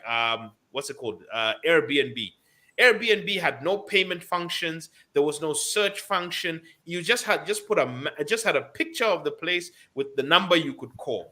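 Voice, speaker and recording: A man's voice: on the high side, sharp tone. A man hosting a radio business show, giving emphatic advice and repeating his key points. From Zambia.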